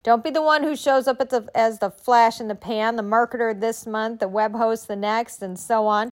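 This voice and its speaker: A woman's voice: on the high side, steady tone, normal speed. A woman giving a motivational talk, emphatic and encouraging, often asking rhetorical questions. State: recovering from illness.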